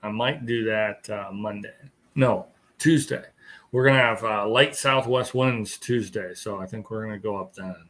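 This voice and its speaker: A man's voice: on the low side, normal speed, fairly bright tone. A tired man hosting a casual live stream chat, rambling and chuckling as he greets viewers. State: tired, yawning.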